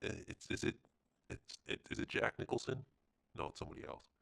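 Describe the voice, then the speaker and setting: A man co-hosting a podcast in casual chat, animated and slangy, acting out his own reactions. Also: a little fast, dry recording. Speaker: podcast co-host.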